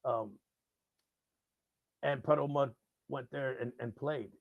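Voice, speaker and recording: A man, a radio host, telling a rock-and-roll story casually and acting out the people in it loudly. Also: mid-range voice, takes it slowly, creaky, no echo, phone-quality sound. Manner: animated, acts out quoted voices loudly. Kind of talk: casual live-stream storytelling.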